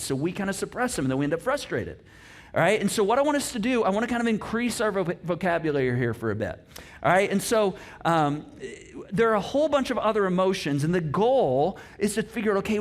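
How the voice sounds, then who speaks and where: A man preaching a conversational sermon as a pastor, acting out inner dialogues with easy laughs. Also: high-pitched. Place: church auditorium.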